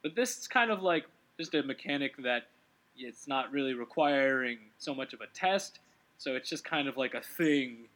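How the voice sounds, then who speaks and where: A man hosting a relaxed gaming commentary, rambling and correcting himself as he talks, with quick laughs. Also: medium pitch. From Canada. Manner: rambling, self-correcting, giggly. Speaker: let's play host.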